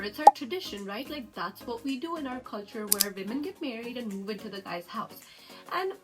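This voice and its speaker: Young woman coach chatting advice to camera, kinda high voice, music playing behind. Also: rough recording. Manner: chatty, earnest and upbeat, laughs easily. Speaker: relationship coach. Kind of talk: casual advice vlog. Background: background music.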